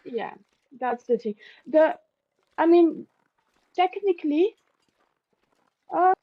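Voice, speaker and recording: A woman with a French accent and French as her first language, tutoring casually and pausing to search for words. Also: sits high, animated, dry recording, phone-quality sound. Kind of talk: casual explaining.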